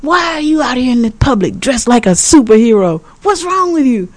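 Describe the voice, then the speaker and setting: A woman voicing her adult daughter, who is screaming in disbelief in a shrill, scolding voice. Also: expressive, moderate pace, no echo. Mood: shrieking. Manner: shrill, high-volume scolding.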